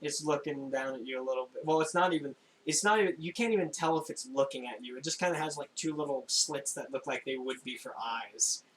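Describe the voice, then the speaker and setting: A young man narrating a tabletop game as game master, in a casual, halting way with frequent laughs. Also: mid-range voice, fairly bright tone, slight background noise, low-quality recording. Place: home room, recorded for a stream.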